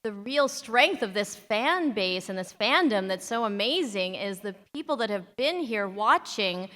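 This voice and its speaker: Bright-voiced tearful woman in a hall. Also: medium pitch, expressive, measured pace. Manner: heartfelt, tearful. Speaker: panel guest, actress. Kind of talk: convention panel talk. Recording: reverberant hall with crowd.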